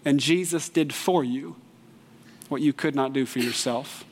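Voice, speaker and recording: A man giving a sermon as pastor, earnest and lively, with bursts of animated storytelling. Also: medium pitch, unhurried, in a large hall, a little hiss or hum.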